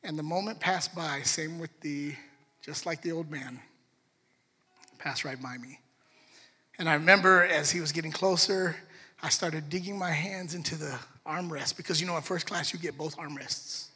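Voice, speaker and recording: A young man preaching a sermon, telling a personal story in an animated way and acting out voices in the dialogue. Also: on the high side, normal speed, breathy edge. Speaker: pastor. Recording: long reverb of a large hall.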